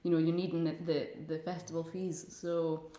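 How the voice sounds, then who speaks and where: A woman's voice: low voice, little pitch movement, normal speed, dark tone. Chatty woman in a roomy space. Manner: chatty, laughs often, rambling with fillers. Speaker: guest musician. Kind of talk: casual chat over video call.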